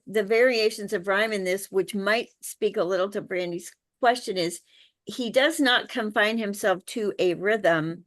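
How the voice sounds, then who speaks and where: A woman on a video call, thoughtfully talking through a picture book she holds up. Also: mid-range voice. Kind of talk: casual group chat on a video call.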